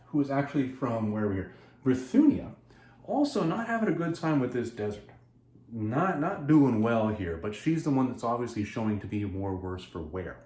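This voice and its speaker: A man's voice: lowish voice, darkish tone. A man hosting a video, recapping a story in a chatty, digressive way and correcting himself as he goes. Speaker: video host. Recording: echoey room.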